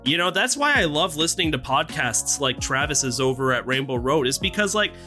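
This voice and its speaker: A man with a high, bright voice chatting eagerly on a gaming podcast. He is animated and playfully theatrical, laughing often. Faint music plays under him. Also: brisk. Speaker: podcast co-host. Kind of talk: casual chat.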